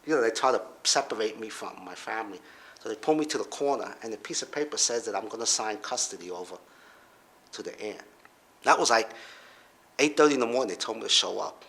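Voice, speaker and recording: Middle-aged man telling his story animatedly. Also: vocal fry. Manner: animated, jumps up in pitch to act out others' voices; halting, with restarts and trailing off quietly. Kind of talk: casual personal storytelling.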